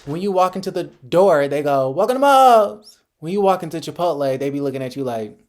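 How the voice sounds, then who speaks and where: A man's voice: on the high side, fast, a little mellow. A man hosting a casual mukbang vlog, talking bluntly in slang while he eats. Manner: chatty, blunt and slangy, talks while eating. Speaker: vlog host.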